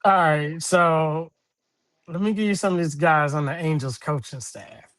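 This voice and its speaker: A man's voice: a little high, unhurried, fairly bright tone. A man with a Milwaukee accent co-hosting a casual sports show, slangy, jokey and laid-back. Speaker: podcast co-host.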